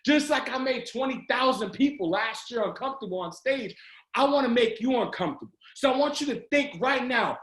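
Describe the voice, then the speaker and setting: High-voiced man giving a fired-up pep talk. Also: fairly quick. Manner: energetic, exhorting, often shouting. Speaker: motivational speaker for a sales team. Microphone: video call. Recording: roomy video call audio.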